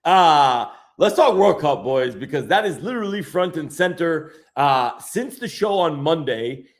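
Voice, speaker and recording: A man hosting a podcast in casual chat, excitable and slangy, tossing "bro" around. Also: on the high side, measured pace. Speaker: podcast host.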